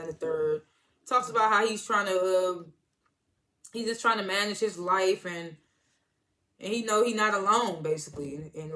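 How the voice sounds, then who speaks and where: Animated, chatty TV episode reviewer. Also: mid-range voice. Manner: animated retelling, slipping into quoted lines and laughing; loose, chatty delivery with restarts and asides. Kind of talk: casual episode recap.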